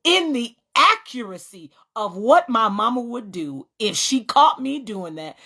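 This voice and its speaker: A woman hosting a faith-based talk, telling a personal story in an animated way and often laughing as she speaks. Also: on the high side, a little slow. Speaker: host.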